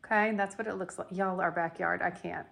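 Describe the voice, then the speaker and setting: A woman's voice: on the low side, steady tone, fairly quick, gravelly, a bit bright. Blunt folksy woman vlogging. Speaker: home decor YouTuber. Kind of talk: casual decorate-with-me vlog. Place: at home.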